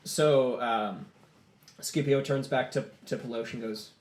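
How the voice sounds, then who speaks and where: A man's voice: mid-range voice, a little slow, roomy sound. A man running a tabletop game as game master, narrating scenes in a rambling way and restarting his sentences.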